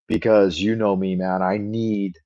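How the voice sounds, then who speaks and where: A man's voice: low voice, level tone, a little slow. A middle-aged man hosting a casual late-night livestream, rambling and thanking viewers in a jokey put-on Irish lilt, talking into a camera mic. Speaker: livestream host. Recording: slightly muffled lo-fi stream audio.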